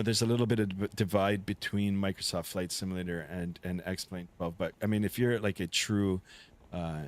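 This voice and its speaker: A Canadian man streaming a flight simulator, chatting casually and reading viewer comments aloud. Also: lowish voice. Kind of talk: casual live-stream chat.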